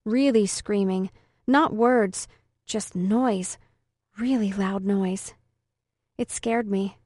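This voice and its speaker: A woman's voice: mid-range voice, takes it slowly, darkish tone, dry recording, studio quality. A woman narrating a first-person story in an earnest, emotional way. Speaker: audiobook narrator.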